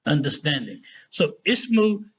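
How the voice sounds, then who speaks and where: A man teaching a casual Arabic lesson who often checks in with "right?" and "okay?" and slows down to spell out words. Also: on the high side, sing-song, husky.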